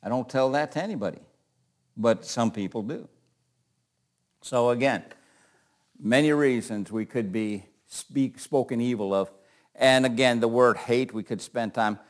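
A man's voice: mid-range voice, measured pace, pauses often. A middle-aged man teaching an informal Bible class, talking in a loose, joking way and often repeating words.

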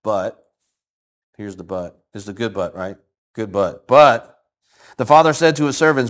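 A man's voice: mid-range voice, animated, a little slow, long pauses. An older man, a grandfather, teaching a Bible story to a group. He keeps asking them questions and acts out the quoted lines. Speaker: preacher. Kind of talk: Bible teaching with congregation responses.

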